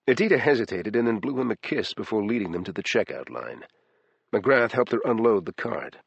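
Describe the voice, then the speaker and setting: A man narrates a thriller audiobook in a taut, dramatic way. His low, husky voice moves a lot in pitch. The sound is dry and close to the mic. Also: sing-song, a little fast, no echo.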